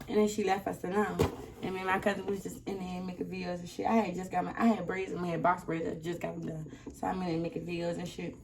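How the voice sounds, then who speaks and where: A young woman vlogger telling a casual storytime, animated and acting out the people in it. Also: lowish voice, gravelly. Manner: animated, acts out quoted people. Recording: slightly distant mic, faint noise.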